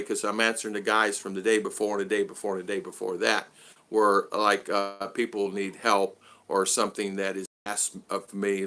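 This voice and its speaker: A man's voice: lowish voice, bright, forceful tone. A middle-aged American man vlogging in a casual livestream chat, rambling and repeating himself. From United States.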